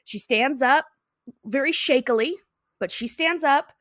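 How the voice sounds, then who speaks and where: A woman's voice: sits high, measured pace, fairly bright tone, dry recording, clean studio sound. A woman co-hosting a podcast, animatedly recapping a cartoon episode and laughing often. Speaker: podcast co-host.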